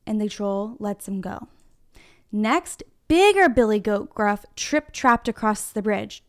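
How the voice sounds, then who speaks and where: Speaking slowly in an expressive, mid-range voice, a woman teaches young children to read from her kindergarten classroom. She addresses them directly and keeps her tone encouraging.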